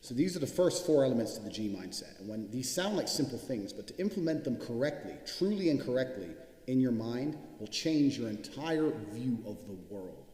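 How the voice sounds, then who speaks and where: A man's voice: mid-range voice, very animated, fairly quick, few pauses, mellow. A man giving a blunt, profane motivational speech, hammering his points home with repetition. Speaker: speaker giving a motivational talk. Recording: echoey hall with long reverb.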